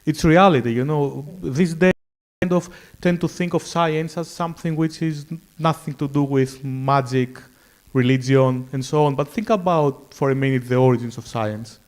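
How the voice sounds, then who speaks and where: A man with a fairly high voice taking part in a round-table discussion. He argues with enthusiasm, rushing ahead in quick bursts and then slowing down to stress a point. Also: darkish tone. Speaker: panelist.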